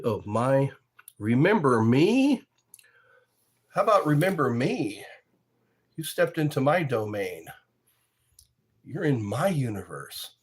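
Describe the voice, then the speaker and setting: A man's voice: medium pitch, husky. A man hosting a livestream, chatting casually and drifting from topic to topic with chuckles. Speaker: livestream host. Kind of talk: rambling casual livestream chat.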